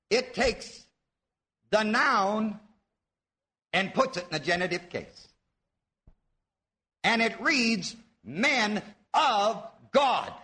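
A man's voice: high voice, bright, forceful tone. A man preaching a sermon, teaching his audience, asking them questions and drawing out the words he wants to stress. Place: church before a live audience.

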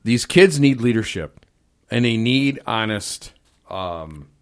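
A middle-aged man hosting a podcast, telling profane, animated stories and acting out the quotes in casual chat. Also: mid-range voice, slow. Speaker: podcast host.

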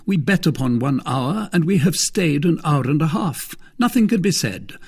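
A man's voice: a little high, sing-song, normal speed, darkish tone, slightly rough, pitched above the performer's own voice, exaggerated voice. A man voicing a dry-witted, weary male musketeer in a storybook reading, speaking wryly and with command.

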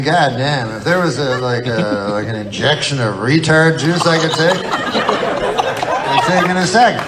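On stage at a live comedy venue, a man rambles through profane stories in a loose conversational way, met by audience laughter. His pitch is fairly high, and there is background noise.

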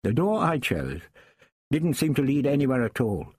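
A man reading a first-person story aloud in a measured, understated way. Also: mid-range voice, very animated, a little mellow, breathy edge, dry recording, clean studio sound. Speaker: audiobook narrator.

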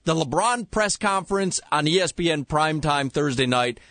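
A man's voice: a little high, expressive, moderate pace, fairly bright tone, no echo. A man co-hosting sports talk radio, opinionated and teasing, close on a studio mic. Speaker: radio co-host.

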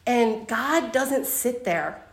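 A young woman leading a casual Bible lesson for a group, talking in a chatty way with lots of fillers and lively storytelling. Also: a little high, takes it slowly. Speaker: Bible study teacher. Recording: roomy echo.

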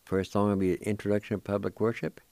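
A man hosting a radio language lesson, spelling words out letter by letter and repeating each one slowly and carefully. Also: lowish voice, little pitch movement, a little mellow, dry recording.

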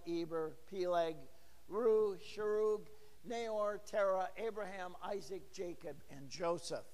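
A man's voice: high voice, in a large hall. A middle-aged man preaching a sermon in a church, talking with the congregation and asking them questions. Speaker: pastor.

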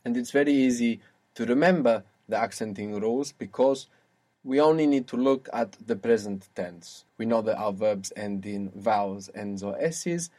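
A man teaching a one-to-one language lesson, explaining patiently and slowing down to model words. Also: on the low side, a little mellow.

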